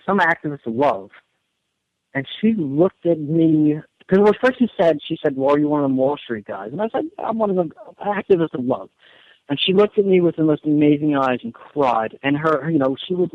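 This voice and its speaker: A man's voice: fairly high pitch, darkish tone, dry recording. Earnest rambling man on lo-fi radio. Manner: earnest, rambling, many restarts and repeated words. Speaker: radio show guest. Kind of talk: casual radio interview talk. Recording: dull lo-fi radio audio.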